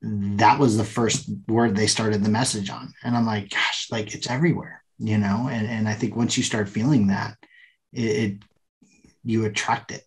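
Earnest lower-voiced male podcast host. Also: steady tone, moderate pace. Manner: enthusiastic, earnest. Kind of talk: casual conversation.

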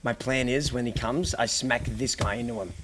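A young man streaming games, commentating loudly and excitably as he plays. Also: medium pitch, moderate pace. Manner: excitable, yelling and hushing at the game. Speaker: gaming streamer. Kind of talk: live game commentary. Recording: noisy stream mic audio.

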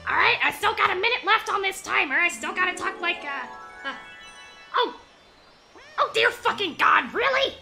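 A woman voicing a crude, excitable little mushroom man during a game livestream. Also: very high voice, normal speed, vocal fry, faint music behind, pitched above the performer's own voice, exaggerated voice. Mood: squawking. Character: squeaky foul-mouthed little mushroom man.

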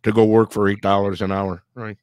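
A man in his fifties from Chicago, hosting a casual chat as an animated, jokey storyteller. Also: fairly low pitch, a little fast, clean tone, dry recording. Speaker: host.

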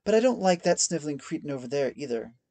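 A man voicing a masked older woman who rules an estate, speaking in an even, cool and menacing way. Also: fairly high pitch, quick pace, gravelly, dry recording, voice pushed up, exaggerated voice. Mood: cold.

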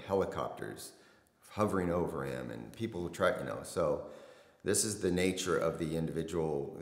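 A middle-aged man, a former detective, recounting a case in blunt, conversational interview talk. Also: very deep voice. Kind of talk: casual storytelling interview. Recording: echoey room with long reverb.

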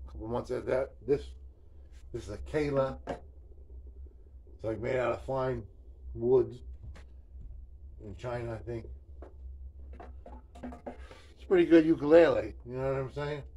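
A man talks to his viewers in a loose, rambling storytelling way. He is slangy and profane and keeps tagging "man" onto his sentences. His voice sits at an ordinary middle pitch. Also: unhurried, pauses often, warm tone. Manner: slangy and profane, keeps saying "man" and "you know what I'm saying"; laid-back storytelling. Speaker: video host. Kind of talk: casual rambling vlog.

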